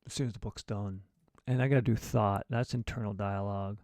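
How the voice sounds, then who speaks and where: A man's voice: lowish voice, steady tone, fairly quick, darkish tone, no room sound. A man thinking aloud as he plans a short story, rambling and often trailing off into mutters. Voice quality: gravelly. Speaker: writer livestreaming his process. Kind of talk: casual thinking aloud while writing.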